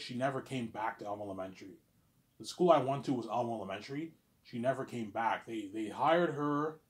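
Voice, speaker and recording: A man in his thirties telling a personal story in a casual monologue, rambling, repeating himself and swearing often. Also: on the low side. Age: 30s. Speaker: vlogger.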